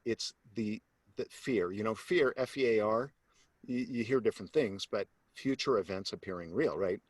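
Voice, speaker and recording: A man, a sales coach, telling a personal story as an interview guest, animated and acting out the voices of the people in it, then turning low and earnest to make his point. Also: normal speed, slightly rough, dry recording. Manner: animated storyteller who acts out quoted voices; drops to a low, earnest tone when making a point.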